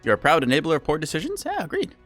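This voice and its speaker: A man's voice: on the high side, wildly swooping pitch, very fast, a bit bright, faint music behind. A man streaming a game live, chatting casually and playfully with his chat in a rambling, self-mocking way. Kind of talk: casual live gameplay commentary.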